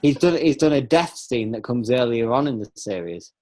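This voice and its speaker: A man's voice: mid-range voice, moderate pace. Stammering man chatting on a fan podcast. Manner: stammering restarts, excitable. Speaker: podcast host. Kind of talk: casual fan podcast chat.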